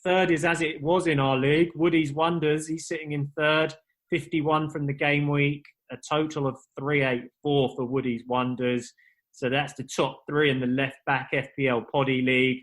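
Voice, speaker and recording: Male podcast host, slightly high voice, jokey and upbeat, casual banter. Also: level tone, moderate pace, fairly bright tone. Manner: jokey, upbeat, reads out league standings.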